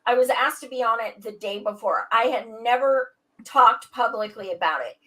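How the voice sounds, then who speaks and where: A woman's voice: a little high, moderate pace, bright, forceful tone, rough recording. A blunt woman who swears freely and speaks emphatically in a casual panel chat. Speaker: podcast guest.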